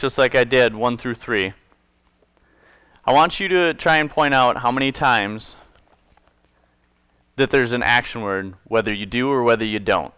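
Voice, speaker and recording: With a mid-range, sharp, smooth voice and no room sound, a pastor gives his congregation an informal sermon. He goes through scripture, explains it jokingly and conversationally, and often self-corrects.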